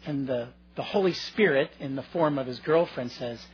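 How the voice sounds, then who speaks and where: A man's voice: mid-range voice, normal speed, slightly rough, lo-fi sound. A male pastor preaching a sermon, earnest and conversational, addressing his listeners directly.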